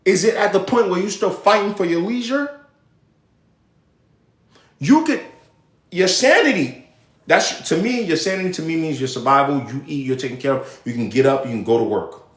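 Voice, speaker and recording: Man, young adult, from Nigeria, livestream host, rambling, self-interrupting, slightly high voice, roomy echo. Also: lively intonation, normal speed, pauses often. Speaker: live show host. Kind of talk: casual livestream commentary. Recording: echoey room.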